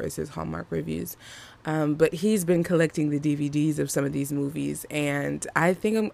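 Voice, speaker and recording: This movie reviewer has a medium-pitched voice with vocal fry. He talks to viewers in casual video commentary, chatty and emphatic, often repeating phrases for effect.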